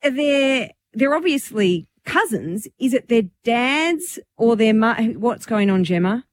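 A woman co-hosts a casual radio chat. She tells gossip with a chatty storyteller's flair. Her pitch moves in a lively, animated way. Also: takes it slowly, no room sound. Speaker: radio host.

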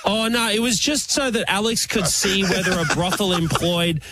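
A man co-hosting a radio show, bantering casually and joking with quick laughs. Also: high-pitched, very noisy.

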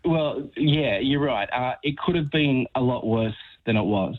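A man reviewing films as a regular guest on a radio show, talking in an agreeable, measured way. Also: mid-range voice, expressive. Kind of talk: casual radio chat. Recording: phone-line sound.

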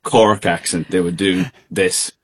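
A man with an Irish accent chats over a remote call as a guest singer. His voice sits on the low side, and he talks in a loose, relaxed way full of fillers and quick laughs. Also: slightly rough. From Ireland. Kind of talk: casual interview chat.

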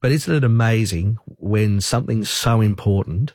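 A man who is a sports broadcaster, answering interview questions in a calm, measured voice. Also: lowish voice, no room sound, clean studio sound. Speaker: sports broadcaster and race caller.

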